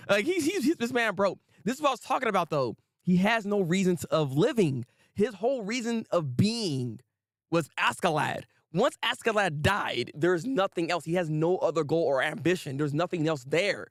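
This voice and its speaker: A young man with a fairly high voice runs a relaxed anime review stream, animated and quick to laugh as he chats with his viewers. The sound is dry and close, with no room around it. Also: dry recording. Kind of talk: casual livestream commentary.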